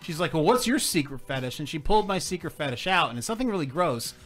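Male host, bright-pitched, animated, halting delivery over faint music. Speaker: podcast host. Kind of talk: casual candid chat.

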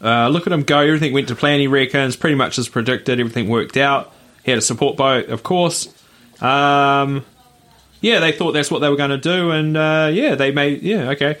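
A man's voice: mid-range voice, a little fast, fairly bright tone. A man co-hosting a podcast in casual chat, easygoing, with short reactions and asides. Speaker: podcast co-host.

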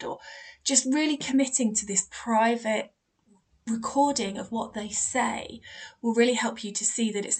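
A woman hosting a spiritual advice podcast as a medium, chatty and encouraging, acting out quoted dialogue in her stories. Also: medium pitch.

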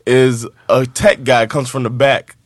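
A man's voice: medium pitch, level tone, unhurried, dry recording. A man co-hosting a podcast, telling funny anecdotes and imitating the sounds people made. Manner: tells funny stories, mimics sounds. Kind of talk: casual storytelling chat.

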